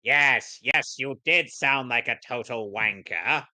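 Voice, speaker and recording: A man's voice: mid-range voice, slow, pushed and bright, dry recording. A man co-hosting a podcast, chatting casually and bluntly correcting the others. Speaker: podcast co-host. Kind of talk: casual chat.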